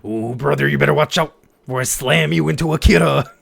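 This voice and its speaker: A man voicing a brash, boastful wrestler-style villain who shouts his threats in a wrestling-promo delivery. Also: fairly high pitch, fairly quick, vocal fry, heavily acted.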